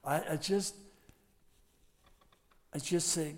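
A man's voice: medium pitch, lively intonation, a little slow, darkish tone. An older man preaching as a pastor, folksy and emphatic, with a closing blessing. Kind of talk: sermon. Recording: long hall reverb.

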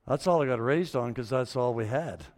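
A man, older, preaching a sermon with a personal story, dropping to low murmurs and rising to loud excited bursts. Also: normal speed. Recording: long reverb of a hall.

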